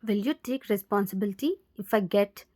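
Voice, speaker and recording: A woman's voice: medium pitch, brisk, warm tone, voice pushed down, natural voice. A woman with an Indian English accent voicing a heartbroken twenty-year-old girl, hurt and accusing. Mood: angry.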